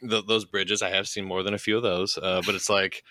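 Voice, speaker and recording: Podcast co-host, man, very deep but bright voice, jokey, dry close sound. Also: little pitch movement, no room sound. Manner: jokey, laughs often, quick asides. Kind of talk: casual chat.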